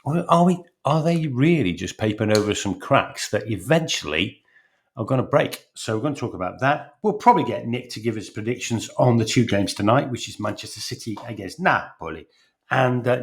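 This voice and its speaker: A man leads a casual sports podcast chat. He jokes with his co-hosts and talks in a loose, chatty way, often pausing on fillers and restarting his sentences. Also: mid-range voice, lively intonation. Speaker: podcast host.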